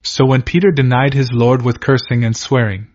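A man delivers a sermon, working through scripture in a steady, earnest teaching voice and putting questions to his listeners. His pitch sits in the middle range. The recording sounds dull and lo-fi. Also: normal speed. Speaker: preacher.

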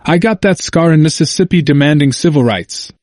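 A man voicing an intense, earnest man in his seventies with a hoarse voice and an emphatic manner, in a dry recording. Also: on the high side, a little fast, no room sound, pitched above the performer's own voice, close to an everyday voice. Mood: quiet, earnest. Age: 70s. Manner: forceful and emphatic, then near-whispered.

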